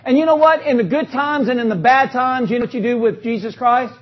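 A man preaching an energetic sermon in a church, joking with the congregation and calling for responses. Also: very high-pitched, fairly quick. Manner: calls out to the congregation, joking, rising to loud exclamations. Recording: dull lo-fi recording.

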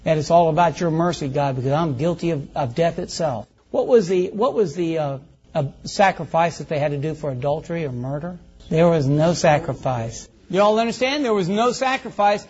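High-voiced man preaching a folksy sermon. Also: a little fast, darkish tone, slightly rough, highs cut off. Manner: folksy, conversational preaching with congregation call-outs.

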